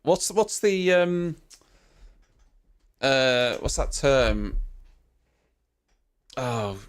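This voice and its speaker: A man hosts a live stream with casual, running reaction commentary. His voice is smooth and clear at a middle pitch, and he teases his viewers in chatty banter with some casual swearing. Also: lively intonation, drawn-out words.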